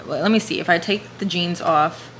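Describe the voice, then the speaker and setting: A young woman vlogging at home, chatting casually and slangily while shopping online, gasping and whispering when excited. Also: on the low side, normal speed. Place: room at home. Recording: echoey room with faint hum.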